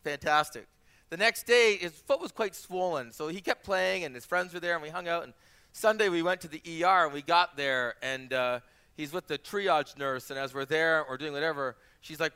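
A man's voice: a little high, normal speed, smooth. A man in his forties, a pastor preaching a sermon, telling personal stories and repeating phrases for emphasis. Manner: animated storyteller, acts out quoted voices.

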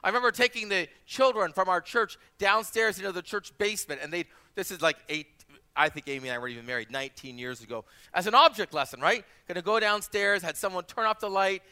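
This pastor in his forties talks fast, his voice sitting high with a clean tone. Delivering a sermon, he weaves in personal stories, repeats phrases for emphasis, and animatedly performs the voices of people he quotes.

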